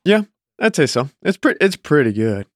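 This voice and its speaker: A man's voice: on the high side, very animated, normal speed, dry recording, clean studio sound. A man player in casual, wry banter at a tabletop game podcast.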